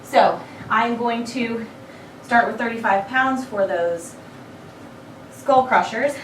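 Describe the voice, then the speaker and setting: Woman fitness coach, chatty rep-counter, a touch froggy, recorded from a distance in a noisy, echoey room. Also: medium pitch. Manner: encouraging, chatty asides between counted reps. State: frog in her throat. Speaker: fitness instructor. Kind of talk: workout instruction with rep counting. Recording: echoey room, mic far off.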